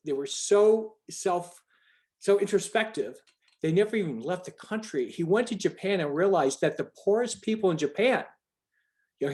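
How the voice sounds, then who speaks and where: A man's voice: a little high, darkish tone. A man leading a group video call, talking in a rambling, emphatic way with many restarts. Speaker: call organizer.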